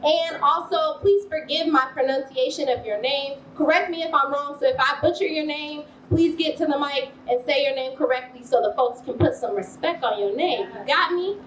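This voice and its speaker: A woman's voice: sits high, normal speed, few pauses, a bit bright, a little hiss or hum. A woman emceeing an awards ceremony, playful and commanding, leading the crowd in call-and-response. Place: event hall. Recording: roomy hall sound from far off.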